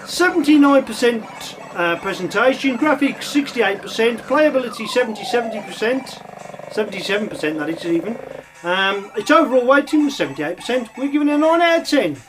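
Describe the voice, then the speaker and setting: Chatty high-voiced man reviewing games. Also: expressive, fairly quick. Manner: chatty, rambling, lots of ums and uhs. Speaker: retro game reviewer. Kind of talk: casual gameplay commentary.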